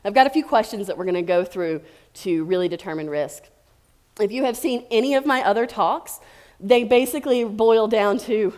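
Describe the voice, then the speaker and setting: Speaking in a conference room, a woman who works as a tester and manager gives a tech conference talk, chatty and playful with jokey asides. Her voice is medium-pitched and a little mellow.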